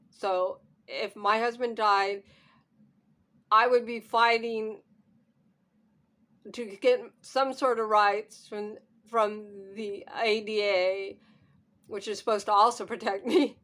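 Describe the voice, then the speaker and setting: A woman's voice: mid-range voice, steady tone, measured pace, a bit bright. A hard-of-hearing woman vlogging at home into her camera, upset and trying not to cry, with nervous laughs. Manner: upset, holding back tears, nervous laughter. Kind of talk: emotional personal vlog.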